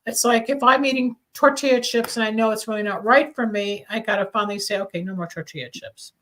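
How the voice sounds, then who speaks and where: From a Los Angeles studio, a woman hosts a radio talk show, rambling candidly through a casual chat about recovery and coughing now and then. Her fairly high, slightly bright voice is quick with fairly even intonation, and the low-quality recording carries a little hiss or hum.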